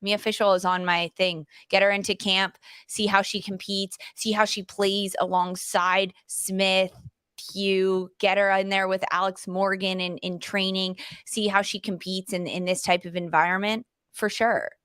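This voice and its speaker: A woman's voice: mid-range voice, level tone, unhurried, fairly bright tone, clear, resonant tone, dry recording. Chatty woman co-host, dry close sound. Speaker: podcast co-host. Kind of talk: casual sports podcast chat.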